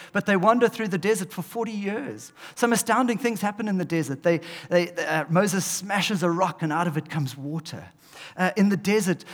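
A man preaching a sermon, animated, swinging between loud emphasis and hushed asides. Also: high-pitched. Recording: long hall reverb.

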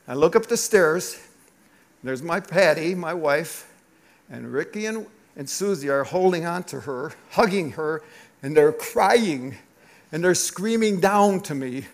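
A middle-aged man, a pastor, preaching a sermon through an animated, confessional personal story. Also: a little high, measured pace, vocal fry.

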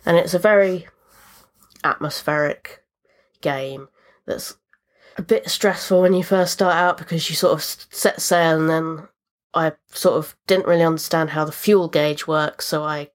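A woman's voice: low voice, steady tone, unhurried. A woman hosting a podcast, chatting casually and rambling about the video games she has been playing. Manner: chatty, rambling with fillers and asides. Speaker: podcast host.

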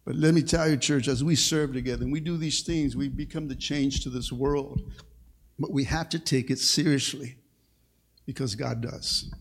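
A man's voice: medium pitch, steady tone, moderate pace, breathy edge. A man preaching a sermon as pastor, with call-and-response and frequent "amen.". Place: church sanctuary. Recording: long reverb of a church hall.

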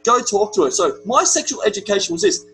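A young Australian man in casual chat, telling an animated story with lots of swearing. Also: high voice, fast talker, soft background music, low-quality recording. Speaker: podcast guest.

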